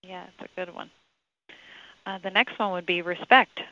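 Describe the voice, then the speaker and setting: A woman's voice: fairly low pitch, normal speed, sharp tone, no echo. A woman guest on a radio interview, an earnest, practical explainer talking through workplace values. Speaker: salon and spa event coordinator, guest. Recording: dull lo-fi sound.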